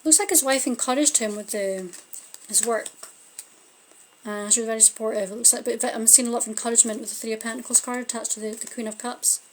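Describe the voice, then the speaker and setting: Woman tarot reader, fairly high voice, casual and musing, filler-heavy. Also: quick pace, a little hiss or hum. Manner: chatty, musing aloud, frequent "like" fillers. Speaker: tarot reader and spiritual medium.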